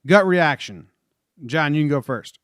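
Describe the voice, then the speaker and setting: A man's voice: a little high, animated, a little slow, fairly bright tone, smooth, dry recording, studio quality. A man hosting a casual movie podcast, upbeat and leading the talk. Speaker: podcast host.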